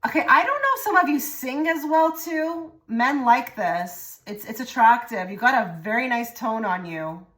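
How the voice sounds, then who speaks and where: A woman's voice: fairly high pitch, animated, normal speed, few pauses. Rambling woman giving a tarot reading. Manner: rambling and repetitive, often trailing into soft murmured phrases. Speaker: tarot reader. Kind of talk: pick-a-card tarot reading.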